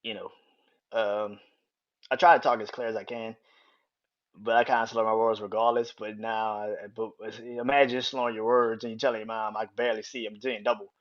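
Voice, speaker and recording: A man's voice: on the low side, flat delivery, brisk. A man hosting his own podcast, casually telling a personal story in a rambling, repetitive way, swearing freely and chuckling often. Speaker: podcast host. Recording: dull lo-fi sound.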